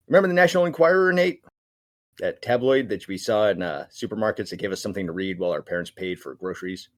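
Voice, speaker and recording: A man's voice: lowish voice, expressive, fast. A man co-hosting a casual podcast, telling a story with jokes along the way. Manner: jokey, storytelling. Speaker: podcast co-host. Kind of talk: casual chat.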